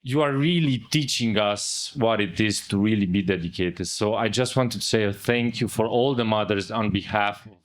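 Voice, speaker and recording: A man's voice: lowish voice, moderate pace, few pauses. A man, a father, speaking earnestly and casually in a conversation, now and then adding "man". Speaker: father in a spiritual community.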